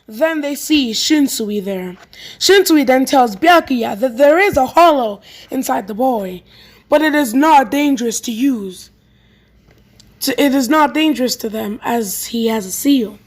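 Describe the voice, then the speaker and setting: A woman's voice: high-pitched, expressive, a little slow. A woman reading a fan story aloud in a plain way, often stumbling and restarting lines.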